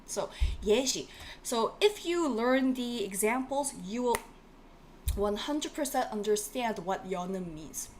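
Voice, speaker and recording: A woman with a fairly high voice teaches a live online language class, coaxing her viewers along and repeating each key word several times. Faint noise sits under the recording. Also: lively intonation, moderate pace, a little mellow. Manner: encouraging, repeats key words, reads viewer comments. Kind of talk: live-streamed online lesson.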